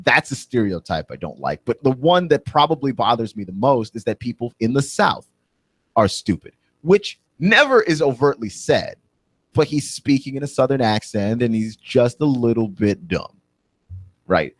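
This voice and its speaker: A man's voice: mid-range voice, sing-song, moderate pace, no room sound. A man hosting a radio talk show, ranting with indignant, rising emphasis from a studio microphone.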